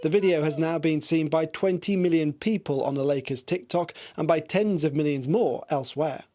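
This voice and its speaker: A woman with a lowish voice narrates a light news feature with a playful touch. Faint background hiss runs beneath. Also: normal speed. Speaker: news reporter.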